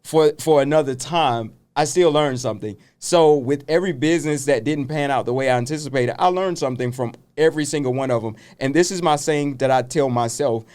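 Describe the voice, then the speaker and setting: A man's voice: mid-range voice, a little fast, hardly any pauses, a little mellow, clear, resonant tone. A man who is a business coach and pastor, talking in a casual interview in an earnest, reflective, motivational way.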